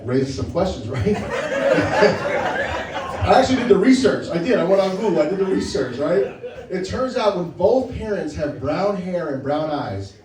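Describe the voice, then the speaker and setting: A man's voice: a little high, reverberant, far from the mic, poor audio. A man performing a stand-up set, teasing and punchy, who keeps checking in with "right?". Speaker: stand-up comedian.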